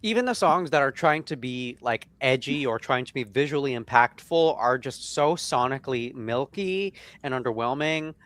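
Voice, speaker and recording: A man co-hosting a casual chat stream, slightly hoarse, talking in a chatty, rambling way. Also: mid-range voice, animated, a bit bright, dry recording. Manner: chatty, rambling, quick laughs. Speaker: co-host.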